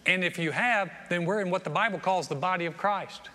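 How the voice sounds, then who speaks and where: A man preaching a lively sermon as pastor, repeating phrases and acting out other people's voices, on a stage microphone in a church auditorium. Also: high voice, a little fast. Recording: long hall reverb, faint room noise.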